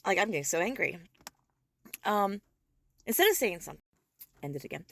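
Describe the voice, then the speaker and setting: A young woman vents straight to her camera in a heated rant, swearing freely and hammering her points home. Her voice sits a little high for a woman, and she stays fired up without letting it boil over into yelling. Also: big pitch swings, normal speed, vocal fry, long pauses. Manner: heated, profane, emphatic. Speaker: vlogger. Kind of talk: angry social media rant.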